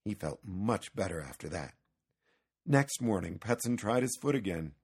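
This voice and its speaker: Deep gravelly man reading a storybook. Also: expressive, moderate pace, darkish tone. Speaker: narrator.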